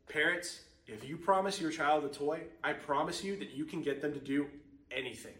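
A young man gives a sermon, telling a childhood story in a loose, chatty way full of ums. His voice sits a bit high, and the room is echoey, with the mic well away from him. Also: a bit bright, recorded from a distance. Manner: casual storytelling with frequent ums. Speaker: preacher.

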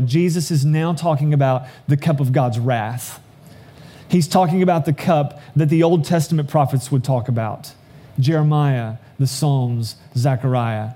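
A man preaching a sermon, reading scripture aloud and explaining it earnestly, slowing down for emphasis. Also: on the high side, dark tone. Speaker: pastor.

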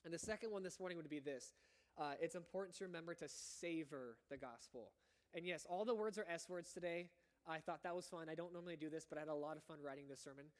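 A young man preaching a sermon to his church in a casual, chatty way, often correcting himself. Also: on the high side. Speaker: pastor.

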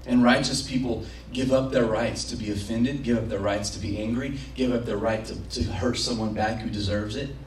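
A man's voice: lowish voice, steady tone, normal speed, a little hiss or hum. A man preaching a sermon as pastor, passionate and acting out prayers and imagined quotes, recorded in a church. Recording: roomy, from a distance.

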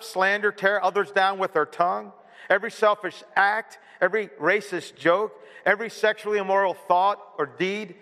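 Pastor guy preaching, earnest, keeps asking "right?", slightly high voice, big hall echo. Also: pushed and bright. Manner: earnest preaching, many rhetorical questions. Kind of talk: sermon. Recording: long hall reverb.

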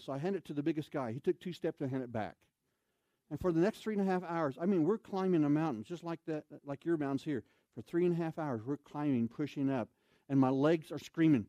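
A man's voice: a little high, warm tone, dry recording. A man preaching a storytelling sermon, acting out scenes and throwing questions to his audience.

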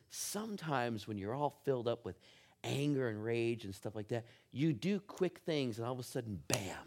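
A middle-aged man preaching a sermon, telling a funny personal story with animated, humorous delivery. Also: mid-range voice. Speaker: pastor.

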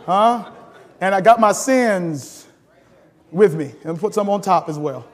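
A man's voice: sits high, expressive, a little slow, long reverb tail. A man pastor teaching a sermon with call-and-response, laughing often and building to sudden emphatic rises.

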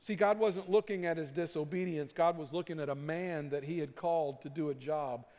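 A man's voice: fairly high pitch, brisk. Preaching man in a reverberant hall. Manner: preaching with swells from hushed to emphatic. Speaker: pastor. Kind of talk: sermon.

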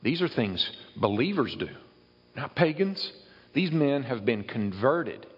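A man's voice: mid-range voice, sing-song, a little slow, slightly rough, long reverb tail, highs cut off. A man preaching a sermon, explaining and reading Bible verses aloud to his congregation. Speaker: pastor.

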